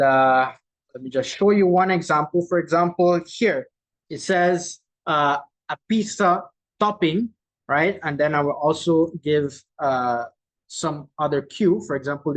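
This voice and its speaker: A game host at a virtual conference runs a casual quiz game over video call, slowly repeating each clue, reading answers from the chat, and tagging lines with "right?" in a loose, chatty manner. The voice is mid-range, and the recording quality is low.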